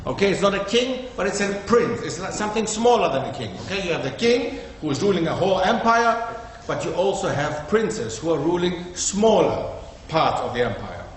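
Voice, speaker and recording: A man with a high voice teaches a group in a community hall, tossing out questions and checking that listeners follow. The sound is very echoey, like a large room heard through a long reverb, with a little faint noise underneath. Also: sing-song, moderate pace. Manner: quizzes the audience, checks with "okay?". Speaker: lecturer. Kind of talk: interactive classroom talk.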